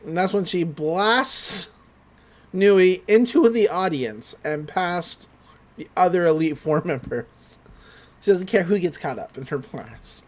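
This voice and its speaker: A man's voice: high voice, lively intonation, slow. A young man on a podcast, casually recapping an anime episode with loose paraphrased quotes and lots of fillers. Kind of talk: casual chat.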